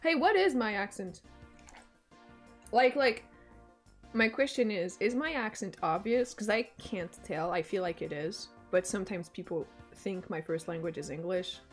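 A woman whose first language is French, streaming a game and chatting casually. She jokes, swears freely and breaks into sudden excited outbursts. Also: medium pitch, unhurried, soft background music. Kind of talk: casual gaming stream chat.

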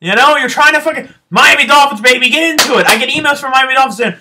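A man's voice: very high voice, fast, few pauses, noisy background. A man hosting a podcast, delivering a profane, sarcastic sports rant. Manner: animated, swearing, sarcastic. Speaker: podcast host.

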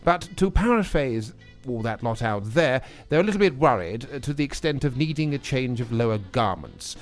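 A man's voice: mid-range voice, expressive, moderate pace, faint music behind, natural voice. An actor playing a nervous young male drama student who witters on in a put-on posh voice, stammering and hesitating. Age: young adult. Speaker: radio sketch actor.

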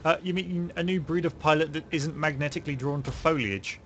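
A man's voice: a little high, brisk, noisy background. A man in casual gaming voice chat who explains things in a dry, matter-of-fact way. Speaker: gamer in squad voice chat.

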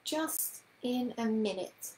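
Prim slow-talking witch lady, woman reading, a bit clipped, roomy echo. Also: sits high, expressive, darkish tone, a little hiss or hum. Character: prim sharp-tongued spinster witch.

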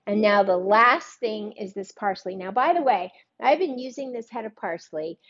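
A woman's voice: medium pitch, lively intonation, normal speed, a bit bright, muffled recording. An older woman hosting a live-streamed cooking demo, chatting casually, joking at her own expense and greeting viewers by name. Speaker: cooking show host.

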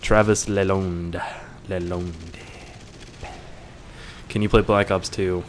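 A man's voice: sits low, level tone, normal speed, a little hiss or hum. A young man reading viewer questions aloud and answering them in a casual, joking way, swearing now and then.

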